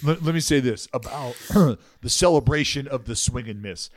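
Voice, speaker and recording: A man's voice: mid-range voice, lively intonation, moderate pace. A man co-hosting a sports podcast, teasing and laughing through casual banter. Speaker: podcast co-host, former pitcher.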